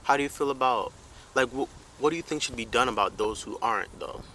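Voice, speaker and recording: A man's voice: medium pitch, fairly quick, bright, forceful tone, slight background noise. A man hosting a casual podcast interview, asking questions hesitantly with many fillers. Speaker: podcast host.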